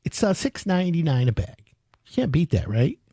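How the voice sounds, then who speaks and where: A man in his fifties hosting a home improvement radio show, telling stories with loud animated bursts. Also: a little high, brisk, husky, no echo. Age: 50s. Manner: animated storyteller, loud bursts, reads phone number. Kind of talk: casual radio chat.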